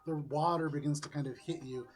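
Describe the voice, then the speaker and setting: A man's voice: a little high, fairly even intonation, fairly quick. A young man narrating a tabletop game as game master, easygoing and descriptive, with many fillers.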